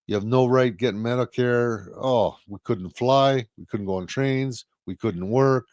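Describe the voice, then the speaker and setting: A man's voice: mid-range voice, measured pace, darkish tone, no room sound. A man co-hosting a casual live-stream talk show, blunt and profane, firing off rhetorical questions. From Canada.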